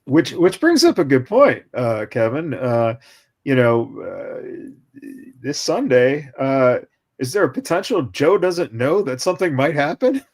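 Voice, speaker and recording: A man's voice: mid-range voice, sing-song, measured pace, a little mellow. A man co-hosting a podcast in casual chat, rambling with lots of fillers. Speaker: co-host.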